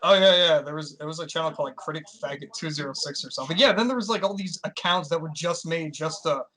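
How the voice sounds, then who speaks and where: A young man who talks quickly, with a pitch slightly high for a man. He is an eager, agreeable guest in a casual chat who often trails off and picks his thoughts back up. His delivery is loose and unscripted. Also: a bit bright.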